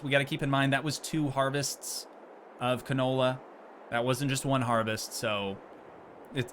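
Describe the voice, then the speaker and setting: Male game streamer, casual, jokey, mid-pitched, light background noise. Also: a bit bright. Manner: chatty, joking, reads and answers chat messages. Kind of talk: casual live-stream chat while playing.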